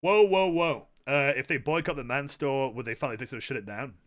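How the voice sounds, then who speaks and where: A man's voice: mid-range voice, fast talker, pushed and bright. A man chatting casually to his viewers while playing a game, telling rambling stories and swearing a lot. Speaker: game streamer. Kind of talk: casual live-stream chat while gaming.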